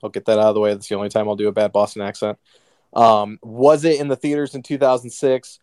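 A man co-hosting a podcast, opening the show in a lively, upbeat way and steering casual chat. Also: fairly low pitch, quick pace, smooth, no echo, clean studio sound. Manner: upbeat, energetic show opener. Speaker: podcast co-host.

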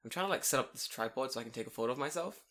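A young man telling a story in casual podcast chat, animated, swearing and laughing. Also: medium pitch, rapid-fire.

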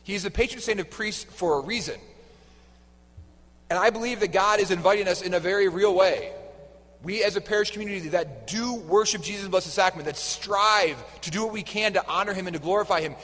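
A man preaching a homily with a fairly high voice, talking casually and tossing questions at the congregation. His words ring out in a large, echoing church hall. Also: brisk, fairly bright tone. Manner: conversational, quizzes the congregation. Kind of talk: sermon.

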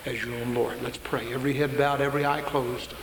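Emphatic preacher in an echoey hall. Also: male voice, medium pitch, little pitch movement. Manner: emphatic, slows down for stress, breaks into acted quotes. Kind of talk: sermon. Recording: echoey hall with faint hiss.

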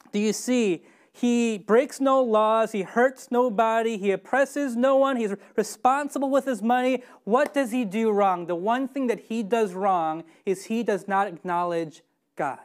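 A woman preaching a sermon, emphatic and often putting questions to her listeners. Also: on the high side. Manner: emphatic, asks the congregation questions.

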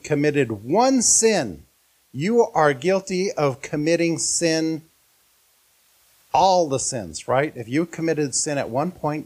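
A man's voice: on the high side, a little mellow. A man preaching a sermon as pastor, earnest and often putting questions to his listeners.

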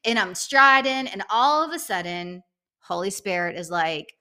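A middle-aged woman co-hosting a podcast, telling a story in a casual chat and acting out the quotes with big jumps in pitch. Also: expressive, a little slow, bright, forceful tone, smooth. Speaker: podcast co-host.

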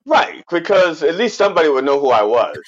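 Podcast co-host guy, lively up and down voice, stumbles and restarts, kinda muffled lo-fi sound. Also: a little high, a little fast. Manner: lively storytelling, stammers and restarts. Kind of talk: casual chat.

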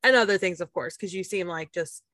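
A woman's voice: on the low side, brisk, fairly bright tone, dry recording. A woman hosting a podcast interview, enthusiastic and swearing casually. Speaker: podcast host.

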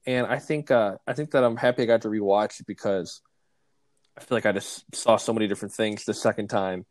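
A man co-hosting a casual movie podcast, relaxed and saying "like" constantly. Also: lowish voice, fast, no echo. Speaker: podcast co-host.

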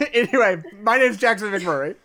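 A young man hosting a casual film review podcast, animated and laughing, swearing freely. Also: sits high, measured pace. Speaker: podcast host.

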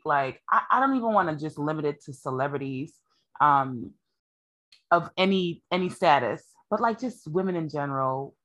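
A woman's voice: deep voice, a bit bright. A woman co-hosting a podcast, talking bluntly and jokingly in casual chat. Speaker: podcast co-host.

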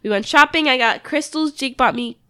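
A woman's voice: sits high, fairly quick, sharp tone, clean tone, no echo, studio quality. A woman from Pennsylvania co-hosting a casual podcast while sick, giggling, swearing and losing her train of thought. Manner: giggly, profane, scattered. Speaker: podcast co-host. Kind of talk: casual chat.

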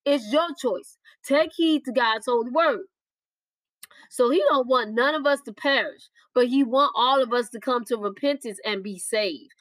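A woman's voice: on the high side, moderate pace, fairly bright tone, dry recording, poor audio. A woman preaching a podcast sermon, urging listeners with repeated warnings and direct appeals. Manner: urgent, repetitive exhortation, speaks directly to listeners.

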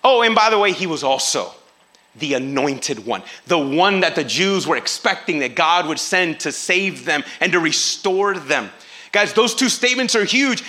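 A man preaching a sermon in a lively, casual way, acting out quoted voices and using slang. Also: high-pitched, unhurried.

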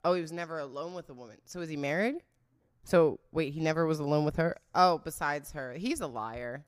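A young woman hosting a casual livestream, loud and laughing, swearing often as she chats to her viewers. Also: low-pitched, a little fast. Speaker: livestream host.

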